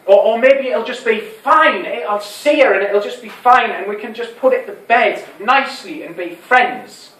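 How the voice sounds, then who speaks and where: A man's voice: high voice, lively intonation, moderate pace, hardly any pauses, a bit bright. An actor playing an anxious, lovesick young man, rambling and hesitant, with many restarts, in a stage monologue. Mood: wistful. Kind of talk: theatre monologue. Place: small fringe theatre venue. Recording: echoey room, distant mic, faint hiss.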